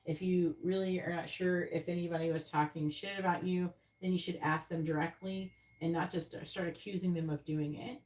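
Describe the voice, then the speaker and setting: A woman's voice: lowish voice, fairly even intonation, moderate pace, few pauses, darkish tone, distant mic. Female live-stream host, blunt and exasperated, echoey room, away from the mic. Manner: exasperated, scolding, blunt and profane. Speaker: tarot reader hosting a live stream. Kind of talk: live stream talking to chat. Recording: roomy echo, off mic.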